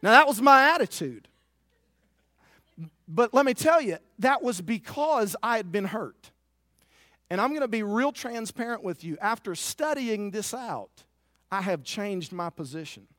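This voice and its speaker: Male pastor, high voice, earnest confessional sermon delivery, dry close recording. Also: expressive, measured pace, fairly bright tone, no room sound. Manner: earnest, confessional preaching with repeated words.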